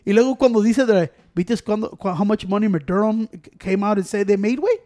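Guy, high-pitched and fast, swearing casual chat, flips into Spanish. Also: mellow. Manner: profane, switches between English and Spanish mid-sentence.

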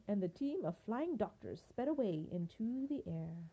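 An older woman, a grandmother, reading a picture book aloud in an expressive, unhurried way. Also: mid-range voice, slightly rough.

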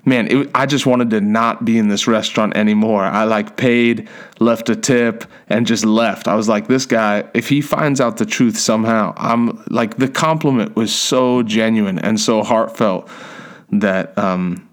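Man, lower register, casual self-deprecating anecdote teller, loose conversational delivery. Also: steady tone, unhurried. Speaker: storyteller.

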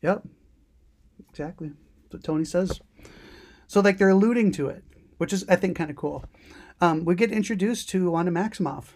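A woman's voice: on the low side, normal speed, pauses often, a little mellow. A woman co-hosting a podcast in casual chat, talking with lots of ums, restarts and frequent laughter. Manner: chatty, laughs often, many ums and restarts. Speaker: podcast co-host.

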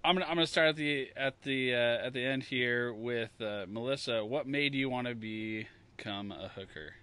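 A man co-hosting a casual podcast, laughing easily and asking questions in a relaxed way. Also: medium pitch, normal speed, clear, resonant tone. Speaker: co-host.

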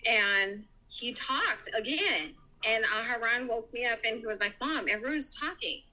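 A woman's voice: a little high, unhurried, rough recording. A mother as a podcast guest, telling an emotional story and acting out what others said. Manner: animated, quoting others in lively voices.

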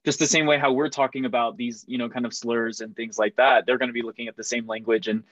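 A man's voice: medium pitch, steady tone, fast talker, a bit bright, no echo. Man from the US, podcast co-host, laid-back, fillers, dull dry audio. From United States. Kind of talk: casual podcast discussion.

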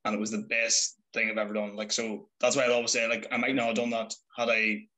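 A man's voice: fairly low pitch, little pitch movement, fast, bright, forceful tone, poor audio. A young man, telling stories about his life in a chatty, self-mocking way. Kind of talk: casual storytelling.

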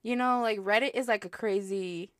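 A woman's voice: medium pitch, moderate pace, fairly bright tone, dry recording, studio quality. A young woman co-hosting a casual chat podcast, giggly and rambling, with lots of "like". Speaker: podcast co-host.

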